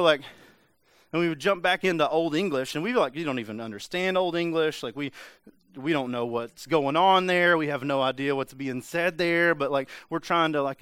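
A man's voice: fairly high pitch, a bit bright, clear, resonant tone, no room sound. A man preaching a casual, conversational sermon, full of "like" and playful mimicry of voices. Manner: conversational, lots of filler "like", mimics voices for humor. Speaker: pastor.

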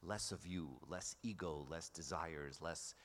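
A man giving a conversational sermon. He keeps checking in with "right?" and sometimes drops to a soft whisper for emphasis. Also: deep voice, unhurried. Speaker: priest or preacher. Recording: long hall reverb.

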